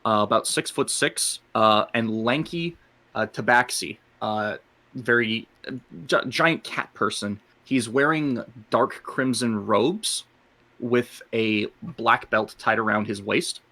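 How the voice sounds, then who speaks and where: A man playing a tabletop game, describing his character in a halting way full of fillers. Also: fairly low pitch, sharp tone. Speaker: player.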